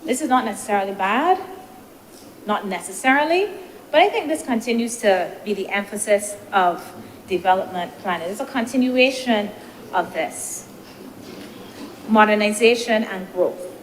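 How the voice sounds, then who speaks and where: A woman's voice: medium pitch, lively intonation. Woman senator in a reverberant chamber. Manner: measured, deliberative, poses rhetorical questions. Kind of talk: parliamentary debate speech. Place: legislative chamber. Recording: reverberant chamber with faint noise.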